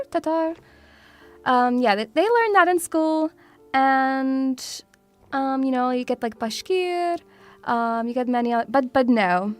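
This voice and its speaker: A young woman from Russia streaming as a VTuber, chatting casually in a playful, teasing way and calling her viewers sweeties. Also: high-pitched.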